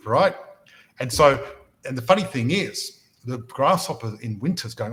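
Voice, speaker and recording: Man, podcast host, motivational talk, energetic, stumbles over opening words, mid-pitched voice. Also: unhurried, low-quality recording. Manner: energetic, repeats words when starting sentences, storytelling. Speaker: podcast host and property mentor.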